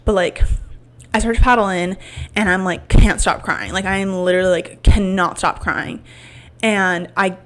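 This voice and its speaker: A woman's voice: mid-range voice, steady tone, moderate pace. A woman in her twenties hosting a podcast, telling a personal story in a casual, candid way, full of "like" and swearing. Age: 20s. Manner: rambling, filler-heavy with frequent "like" and swearing; emotional and candid. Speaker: podcast host.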